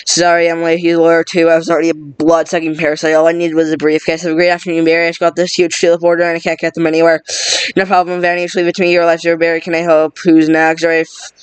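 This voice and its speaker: A man racing through a film script, all the lines in one even pitch. His voice sits a little high and sounds very clear and close, with no room echo. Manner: flat, rapid monotone. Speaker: script reader. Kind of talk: reading a film script aloud.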